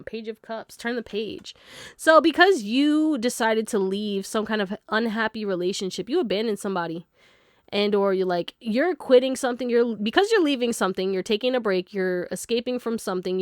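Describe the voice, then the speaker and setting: A woman talks through a tarot card reading in a loose, chatty way, laughing often and speaking straight to her viewers. Her voice sits at a middle pitch. The sound is close and dry, with no room echo. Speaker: tarot reader.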